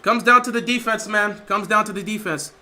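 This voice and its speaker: Watching a football game live on stream, the host offers rambling, emotional commentary, repeats himself and reads out donations from viewers. He talks a little fast in a high voice that sounds pushed and bright.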